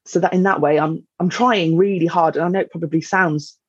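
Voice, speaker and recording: A woman talks as a podcast guest, reflective and halting with many fillers. Her voice is husky and fairly flat in pitch. The recording sounds dull, dry and lo-fi. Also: dry recording. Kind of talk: candid conversation.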